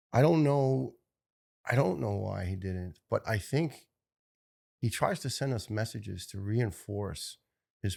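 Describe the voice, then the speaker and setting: A middle-aged man from New York, a guest telling a personal story in an earnest, emotional way, halting and repeating words. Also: on the low side, creaky, a little mellow. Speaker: interview guest, retired firefighter.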